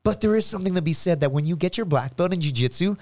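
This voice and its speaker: A man guesting on a podcast, telling stories in a lively, profane, casual way and acting out other people's voices. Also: fairly high pitch, fast, no echo. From United States. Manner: animated, profane, acts out friends' voices. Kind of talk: casual storytelling chat.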